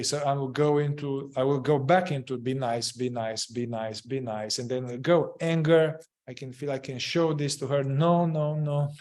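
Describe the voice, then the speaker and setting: A man leading a group, explaining a therapy method, halting and searching for words, often repeating phrases. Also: a little high, a little mellow. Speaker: group facilitator.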